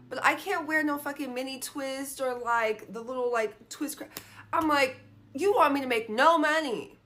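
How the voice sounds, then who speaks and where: Frustrated young woman venting, fairly high voice. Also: sharp tone. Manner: frustrated, frequent "like" fillers and swearing. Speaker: vlogger. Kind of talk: casual venting monologue.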